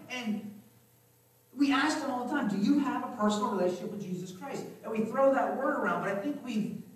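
In a church sanctuary, a pastor delivers a relaxed, conversational sermon, repeating phrases and asking the congregation whether they agree. His voice is fairly high for a man, and the mic sits a bit distant, so heavy echo from the hall hangs on every word.

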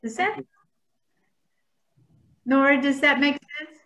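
Woman, Southern US accent, priest, reflective, unhurried, echoey room. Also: medium pitch, expressive. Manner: thoughtful, gentle, acts out inner thoughts. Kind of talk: reflective spiritual discussion. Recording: roomy echoey sound.

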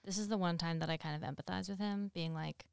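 A woman's voice: lowish voice, steady tone, quick pace, gravelly, clean tone, no room sound, studio quality. Woman guest with playful asides. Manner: playful, jokey remarks. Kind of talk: casual chat.

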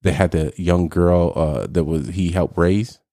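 A man's voice: deep voice, measured pace, mellow, dry recording, studio quality. A man hosting a podcast, talking casually and emphatically in a ranting way. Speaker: podcast host.

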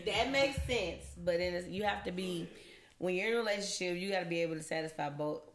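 A woman with a lower voice who talks fast, explaining her view earnestly in a casual chat. Her words tumble quickly as she reasons things through. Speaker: co-host.

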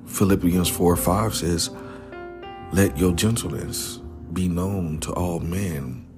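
A man with a very low voice talks slowly and earnestly in an informal devotional message. He often sinks to a whisper on key words and keeps a casual tone, calling listeners "man". Clear music plays under him. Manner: casual, repeatedly says "man". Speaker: Christian speaker.

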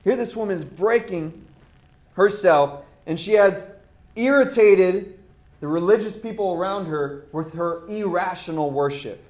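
A man's voice: high voice, a little slow, darkish tone. A man preaching a sermon in an impassioned, conversational way. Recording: roomy echo.

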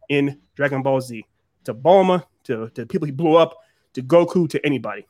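Animated man in a dry, close debate. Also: fairly high pitch, a little fast, no room sound. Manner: animated, incredulous, repeats himself. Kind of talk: heated casual debate.

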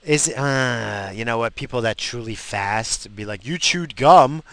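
A man's voice: fairly low pitch, unhurried, a bit bright, clear, resonant tone. A man in a car, talking while he drives, in a crude, profane, rambling monologue.

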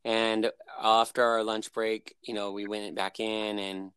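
A man's voice: fairly low pitch, little pitch movement, measured pace, a bit bright, clear, resonant tone, no echo. A man, a guest on the show, telling a personal story in a casual, rambling way, full of fillers and restarts.

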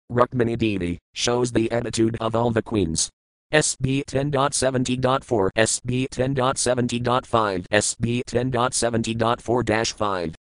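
A man giving a measured, formal reading of scripture, reciting verses and then their translations. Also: medium pitch, dry recording, low-quality recording. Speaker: scripture reader.

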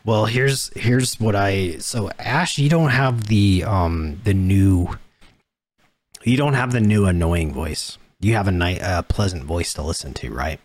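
Deep-voiced halting man. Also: dry recording. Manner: halting, restarts and hedges while explaining. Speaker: podcast co-host. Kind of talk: casual chat.

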